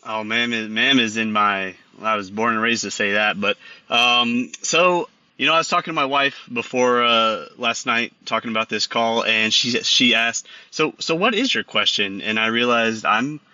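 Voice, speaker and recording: A man in his thirties calling in to a radio show, polite and halting. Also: medium pitch, steady tone, bright, forceful tone, clean tone, dry recording, highs cut off. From Texas. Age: 30s. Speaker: caller. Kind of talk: phone call to a radio show.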